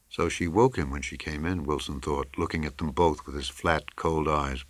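A man reading a literary short story aloud as an audiobook narrator, measured and even. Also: a bass voice, no room sound.

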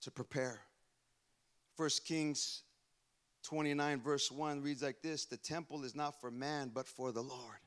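A male pastor preaching a fervent sermon in a church, declaring and chanting lines to the congregation and often shouting. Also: medium pitch, steady tone, a little slow. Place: church sanctuary.

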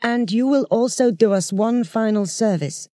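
A reader voicing a soft-voiced ancient rat-like alien ruler who speaks slowly and coldly in a storybook audiobook. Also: mid-range voice, no echo, clean studio sound, pitched above the performer's own voice, close to an everyday voice. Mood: coldly calm. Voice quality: soft, cottony voice. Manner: slow, measured, menacing.

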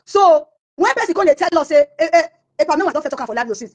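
A woman's voice: high-pitched, lively intonation, very fast, a little mellow. A Nigerian woman singer in an interview, telling a story and acting out the words of the people in it. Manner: acts out quoted voices of others while telling stories.

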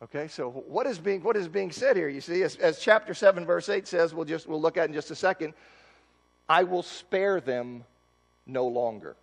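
A man's voice: fairly high pitch, expressive, normal speed, gravelly. A man preaching an expository sermon, reading scripture and explaining it, with emphatic rising bursts. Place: church sanctuary. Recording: long church reverb.

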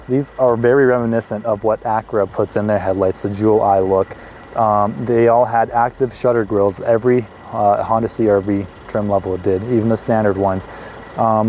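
There's slight background noise as a man in his twenties circles a parked car outdoors for a review. He talks in an excitable, chatty way at a medium pitch, dropping in casual asides.

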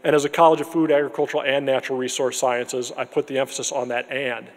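A man hosting a university celebration, giving earnest, measured remarks with frequent restarts before introducing a guest, at a podium in a large room with an audience. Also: mid-range voice, flat delivery. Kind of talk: formal event remarks and speaker introduction. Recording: long hall reverb.

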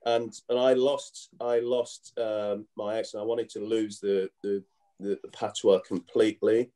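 A man in his fifties recounting his past in a relaxed interview, his voice low and warm in tone. He rambles, circles back and fills gaps with "you know" as he goes. He grew up in England. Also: measured pace. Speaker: guest, former cricketer. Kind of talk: casual storytelling interview.

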